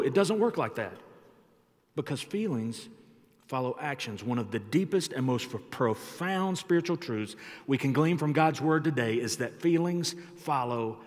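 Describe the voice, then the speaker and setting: A man preaching a sermon as pastor, emphatic and shifting his loudness for effect, in a church sanctuary. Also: mid-range voice. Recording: long church hall reverb.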